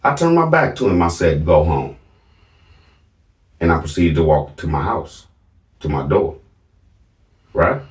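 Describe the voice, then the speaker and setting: A man's voice: deep voice, sing-song, moderate pace, pauses often, recorded from a distance. A middle-aged man casually telling a family story to his viewers, emphatic and often asking "right?". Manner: emphatic, keeps checking in with "right?". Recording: roomy, from off the mic.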